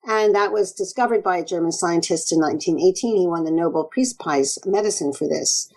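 Animated woman doctor telling stories. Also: on the low side, fairly quick, rough recording. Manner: earnest, animated storytelling with quoted asides. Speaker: naturopathic doctor, guest. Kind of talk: conversational interview.

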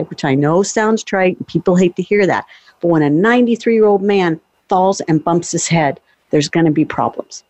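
Podcast host, mid pitch, chatty storyteller, lots of fillers, dry close recording. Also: moderate pace, a little mellow, no echo, rough recording. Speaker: podcast host, former ICU and bereavement worker. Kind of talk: casual interview conversation.

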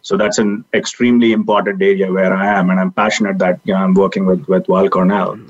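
Low-voiced man on a dull lo-fi call. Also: flat delivery, fast. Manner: earnest, with frequent fillers. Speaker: guest, technology leader. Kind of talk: casual interview talk. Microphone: video call. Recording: dull lo-fi video call audio.

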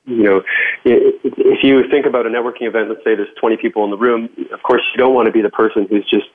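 A man's voice: mid-range voice, fast. Upbeat man on a tinny phone line. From Canada. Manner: upbeat, animated, many restarts. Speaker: podcast guest, speaker on workplace play. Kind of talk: casual interview talk.

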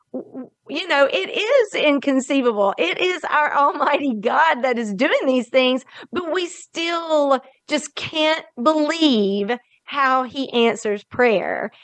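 A woman's voice: high-pitched, a bit bright, no room sound. A woman hosting a faith interview, speaking in an emotional, reflective way. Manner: emotional, reflective, slow and deliberate. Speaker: podcast host.

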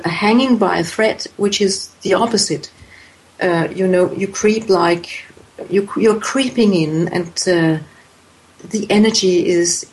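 Slow, hesitant woman explaining. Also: medium pitch, low-quality recording. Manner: hesitant, many fillers and restarts. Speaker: voice expert guest. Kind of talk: interview answers.

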